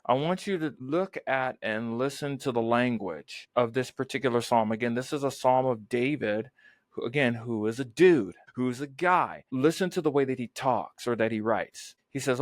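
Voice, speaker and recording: A man's voice: medium pitch, moderate pace, dry recording. A man hosting a podcast, commenting earnestly and reading scripture aloud, often repeating words as he thinks. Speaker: podcast host.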